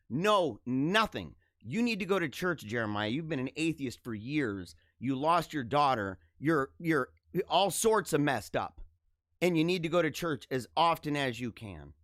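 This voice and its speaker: A man's voice: fairly high pitch, a bit bright, dry recording, clean studio sound. A middle-aged man hosting his own live show, talking casually in a joking, emotional way with many restarts. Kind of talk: casual live-stream monologue.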